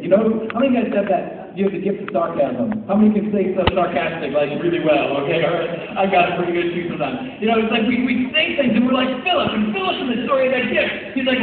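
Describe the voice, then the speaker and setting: A man pastor preaching to a room, his voice sitting high for a man. He tells stories in a loose, conversational way and slips into quoted voices. The sound is captured from far off in a big echoing church hall on a thin, phone-like camera recording. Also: quick pace, hardly any pauses, a little hiss or hum. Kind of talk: sermon.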